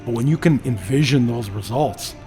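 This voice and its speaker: A man hosting a casual podcast, his voice sitting at an ordinary middle pitch. He talks in an emphatic, profane, motivational way. Music plays clearly underneath him. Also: animated, normal speed, dark tone. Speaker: podcast host.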